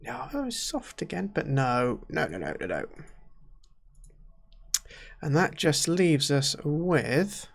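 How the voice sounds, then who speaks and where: A young man thinking aloud as he plays a management game, muttering to himself and often trailing off quietly. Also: on the high side, wildly swooping pitch, takes it slowly, vocal fry, long pauses. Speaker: gaming YouTuber. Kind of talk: casual let's-play commentary.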